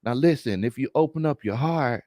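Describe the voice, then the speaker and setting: A man's voice: medium pitch, expressive, normal speed, dark tone, no echo, clean studio sound, lightly acted. A man voicing his preachy, conspiracy-minded cousin, who drags out each sermonizing phrase and keeps saying "beloved.".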